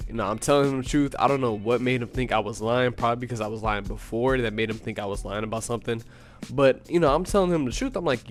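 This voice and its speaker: A man's voice: medium pitch, fast, faint music behind. A young man casually narrating a personal story in laid-back, slangy talk full of "you know.". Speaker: storytime YouTuber.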